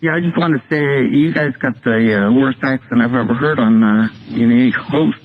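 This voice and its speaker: A man from Virginia calling a radio show, speaking quietly and mumbling. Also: mid-range voice, normal speed. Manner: quiet, mumbling, hard to hear. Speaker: caller. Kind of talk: phone-in chat. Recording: muffled phone-in with faint hiss.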